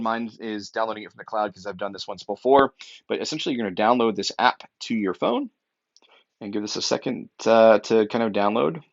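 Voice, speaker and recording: Young guy doing a peppy tech training walkthrough, emphatic, lots of uhs, mid pitch. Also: dull audio. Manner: upbeat and emphatic, with frequent fillers. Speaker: real estate technology trainer.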